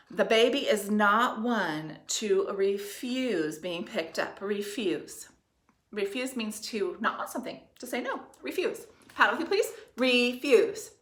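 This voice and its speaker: Teacher woman dictating spelling slowly. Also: mid-range voice, fairly bright tone. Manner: slow, clear dictation, spelling out letters and syllables. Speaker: third grade teacher. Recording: echoey room.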